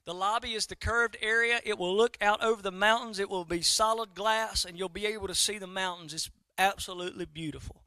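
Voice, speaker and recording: A man's voice: high-pitched, brisk, hardly any pauses, clean tone, no echo. A middle-aged man, a pastor preaching a sermon and telling a story to his congregation. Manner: animated storytelling, talks to the congregation directly.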